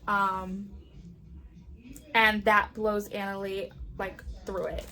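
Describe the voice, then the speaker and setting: Chatty young woman with gravelly fry. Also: medium pitch, level tone, slow pace, long pauses, bright, forceful tone. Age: young adult. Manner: chatty, says "like" often, acts out characters' lines. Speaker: book reviewer. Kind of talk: casual book review vlog.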